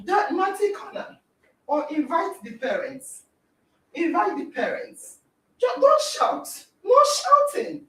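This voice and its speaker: High, lively Nigerian woman, echoey room. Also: slow pace. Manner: dramatic, acts out scenes, exclaims and yells. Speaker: podcast host. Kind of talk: animated motivational talk. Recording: echoey room, distant mic.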